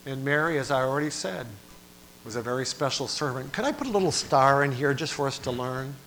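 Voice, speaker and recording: A man preaching a sermon, moving from quiet, low passages to loud, dramatic cries. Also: expressive, fairly quick, a little hiss or hum. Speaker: pastor.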